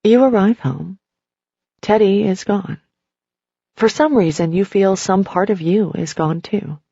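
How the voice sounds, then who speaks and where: A woman narrating a nonfiction audiobook, telling a story in the second person in a steady way. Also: medium pitch, measured pace, vocal fry, breathy edge, no echo, highs cut off.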